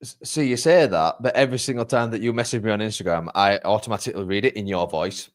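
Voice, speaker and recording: A man's voice: fairly low pitch, fast talker. A man from England hosting an interview, friendly and casual, with stumbling starts and many fillers. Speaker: podcast interviewer.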